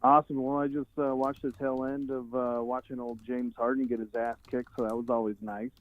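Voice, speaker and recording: A man calls in to a talk show over a tinny phone line. His mid-pitched voice stays laid-back as he chats along and agrees. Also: little pitch movement, a little fast. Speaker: caller. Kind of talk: casual phone-in chat.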